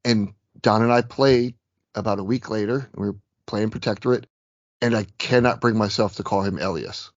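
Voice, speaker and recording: A man co-hosting a casual podcast about a tabletop game, chatty and self-deprecating, rambling a bit, slightly hoarse. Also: fairly low pitch, steady tone, moderate pace, no room sound, muffled recording. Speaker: podcast co-host.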